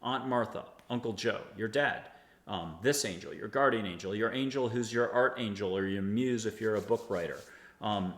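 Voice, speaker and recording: Lowish-voiced american guy rambling on about spirit stuff, echoey room over a video call. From United States. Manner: rambling and enthusiastic, guiding listeners through exercises. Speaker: host. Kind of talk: casual spiritual talk.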